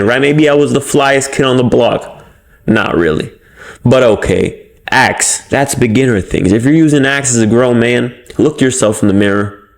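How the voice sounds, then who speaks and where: A young man giving blunt, casual motivational advice as a self-improvement host, swearing freely and coaching his viewers. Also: mid-range voice. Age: young adult.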